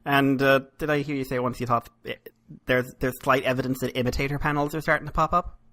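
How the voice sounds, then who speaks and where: A man's voice: mid-range voice, level tone, fast, a bit bright. A man hosting a podcast interview in a playful, teasing manner. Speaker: podcast host. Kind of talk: casual interview.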